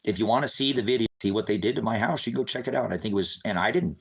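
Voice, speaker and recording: A man delivering an impassioned, agitated monologue to his viewers, calling them brothers and sisters, sometimes rising to a loud, high-pitched telling. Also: very fast, breathy edge, low-quality recording. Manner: grows loud and high when recounting the raid. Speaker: street preacher vlogger.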